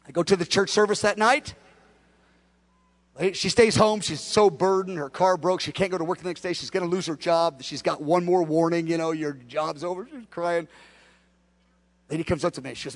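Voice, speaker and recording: A man's voice: a little high, brisk. A male pastor who tells stories in a sermon and acts out all of the dialogue. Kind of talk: storytelling sermon.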